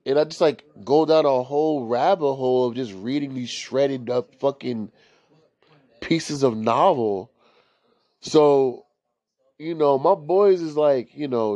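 Slow-talking young man, rambling and profane. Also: medium pitch, expressive, warm tone, no echo. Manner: rambling, profane, heavy on filler words. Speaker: storyteller host. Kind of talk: casual spoken storytelling. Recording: dry, slightly dull lo-fi recording.

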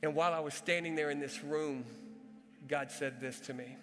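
A man preaching an animated testimony in a high, bright voice, acting out the sounds and voices in his story. His voice rings through a large echoing hall. Soft music plays beneath him. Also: normal speed. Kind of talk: sermon storytelling.

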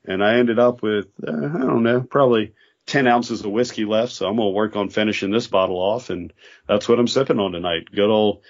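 Low-voiced man telling easygoing stories. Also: brisk. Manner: laid-back storytelling. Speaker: podcast co-host. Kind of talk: casual chat. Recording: dull lo-fi podcast audio.

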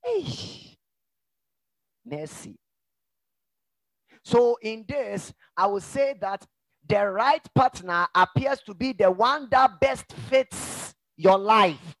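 A middle-aged man preaches from the pulpit in a high, gravelly voice. He swings between quiet, confiding asides and loud, driving emphasis. The sound is close and dry, with no room echo. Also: slow pace. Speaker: pastor. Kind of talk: sermon.

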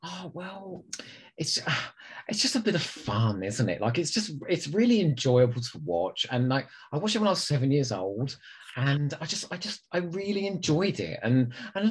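A man's voice: fairly high pitch, big pitch swings, normal speed, slightly rough. A man co-hosting a podcast in casual comedic chat, teasing his partner and giggling often. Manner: teasing, giggly, playful banter. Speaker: podcast co-host.

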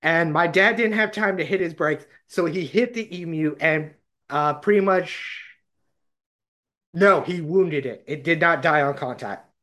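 A man's voice: a little high, unhurried, pushed and bright. A man from Arkansas, hosting a podcast and telling a rambling, laughing story in casual chat. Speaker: podcast host.

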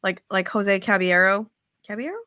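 A woman's voice: mid-range voice, brisk, no echo, clean studio sound. A woman hosting a casual sports podcast, cursing freely and acting out players' voices. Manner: profane, animated, acts out quotes. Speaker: podcast host.

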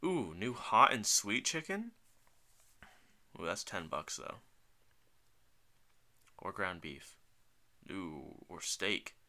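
A man's voice: low voice, huge pitch swings, takes it slowly, pauses often, pushed and bright. A young man co-hosting a podcast in casual chat, joking and thinking aloud as he orders food. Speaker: podcast co-host.

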